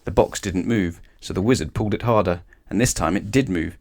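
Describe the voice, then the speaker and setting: A man reading a children's bedtime story aloud in an expressive, animated way. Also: sits low, brisk, vocal fry. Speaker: storybook reader.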